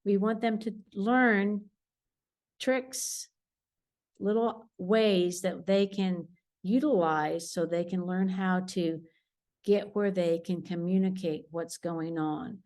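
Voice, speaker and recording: Slow, patient preschool teacher woman. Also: medium pitch, steady tone, a little mellow. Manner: patient, explanatory, repeats key points. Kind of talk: recorded weekly lesson for parents.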